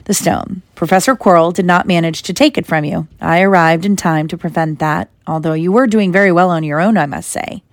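Woman doing a gentle, wry old headmaster, soothing, close dry sound. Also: fairly low pitch, brisk, few pauses, no echo, lightly acted. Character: kindly elderly male headmaster, calm and wry.

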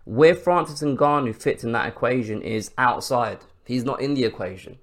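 Male podcast host, mid-pitched, fired-up solo take, lots of rhetorical questions and swearing. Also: moderate pace. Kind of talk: casual sports commentary monologue.

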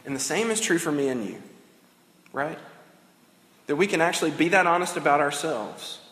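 A man's voice: a little high, expressive, moderate pace, a bit bright. A man preaching a sermon in a conversational way, acting out the dialogue of the story as he goes. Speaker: pastor. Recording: echoey hall, long reverb.

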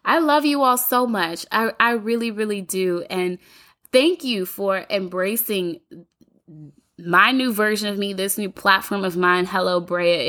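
A woman's voice: lowish voice, a bit bright. A woman hosting her own faith-based podcast from home, speaking in an earnest, encouraging way and repeating phrases for emphasis. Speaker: podcast host. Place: home apartment, city sirens outside.

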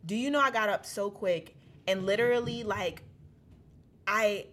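A young adult woman telling her personal testimony as a guest in a casual, animated way, often laughing and acting out voices. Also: medium pitch, a little slow. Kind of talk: casual storytelling.

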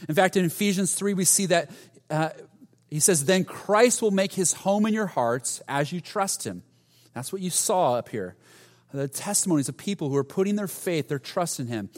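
Earnest pastor in a reverberant hall. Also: male voice, mid-range voice. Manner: earnest, with frequent restarts and soft drops in volume. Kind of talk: sermon.

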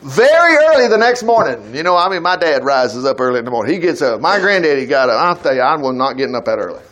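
A man's voice: on the high side, very animated, fast, a bit bright, poor audio. A man preaching a folksy sermon, retelling scripture in everyday talk.

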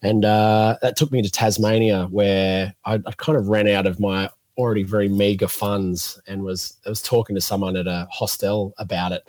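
A man in his thirties, a podcast guest telling stories in a relaxed, animated way and acting out what people said. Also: fairly low pitch, normal speed, few pauses, no room sound. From Australia. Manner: animated storyteller, acts out quotes. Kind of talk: casual storytelling interview.

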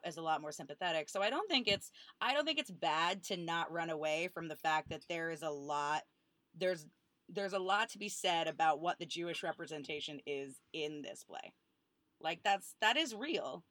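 A podcast co-host with a lowish, expressive, fairly bright voice chats casually at normal speed, arguing her points talkatively and restarting frequently. There's no echo.

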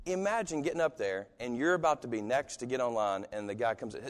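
A pastor delivers a sermon in a relaxed, conversational style, his mid-range voice lively in intonation and quick in pace. He acts out the voices of the people he quotes, and the recording carries a long hall reverb.

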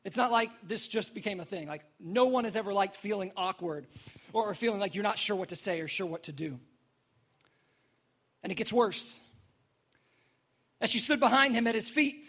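A young man preaching a sermon, telling the story with animated, acted-out reactions. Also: high-pitched. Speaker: pastor.

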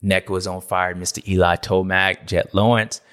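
A man's voice: deep voice, level tone, moderate pace, a bit bright, clear, resonant tone. A man hosting a motocross recap show, ranting in a playful, self-mocking, grumpy way. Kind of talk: casual ranting commentary.

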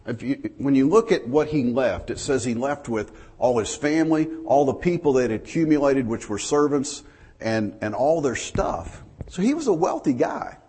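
A man's voice: medium pitch, animated, moderate pace, warm tone, slightly rough. A man preaching a folksy sermon, telling stories to his congregation. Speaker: pastor.

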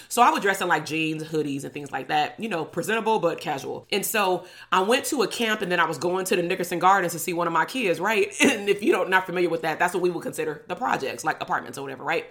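This young woman, a clinical psychologist from Compton, Los Angeles, has a fairly low, slightly bright voice. She shares a personal story with her online audience, casual and sarcastic, swearing and laughing along the way.

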